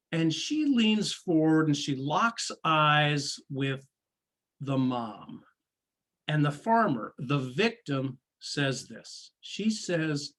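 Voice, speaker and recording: A man, a former prosecutor, telling a story in a talk, slow and deliberate, acting out the people he quotes. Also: on the high side, fairly bright tone. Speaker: guest speaker, former prosecutor.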